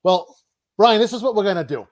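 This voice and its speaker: A man's voice: high-pitched, animated, brisk. A man from Boston with a Boston accent, hosting a live online interview, upbeat and repeating key words as he quizzes his guest. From Boston, USA. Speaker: host.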